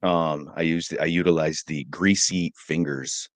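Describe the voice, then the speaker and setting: Man, middle-aged, low voice, dry studio sound, rambling, jokey, morning show host. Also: steady tone, a little slow, no echo. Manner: rambling, joking storyteller. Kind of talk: casual chat.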